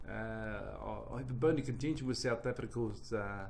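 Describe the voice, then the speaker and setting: A man's voice: on the low side, normal speed, creaky, darkish tone, slight background noise. A man with a New Zealand accent, a singer and comedian chatting in a playful, rambling way. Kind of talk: joking chat.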